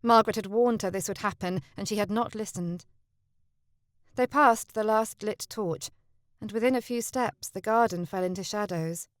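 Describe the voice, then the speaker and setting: A woman's voice: mid-range voice, moderate pace, dry recording, clean studio sound. A woman narrating a historical romance audiobook, lifting her voice for the heroine.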